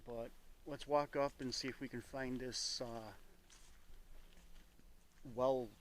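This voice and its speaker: A man's voice: mid-range voice, steady tone, slow pace. A man on a solo paranormal vlog, talking nervously and rambling outdoors in the woods, recorded on a handheld microphone. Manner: nervous, rambling, self-correcting. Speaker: paranormal investigator. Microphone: microphone with a phone beside it.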